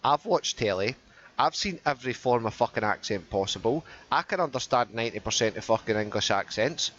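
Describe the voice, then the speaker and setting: A man's voice: medium pitch, brisk. A Scottish man hosting a podcast in casual chat, swearing freely and telling stories with put-on voices. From Scotland. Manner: sweary, animated storytelling with mock voices. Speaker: podcast host. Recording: muffled podcast audio with faint background noise.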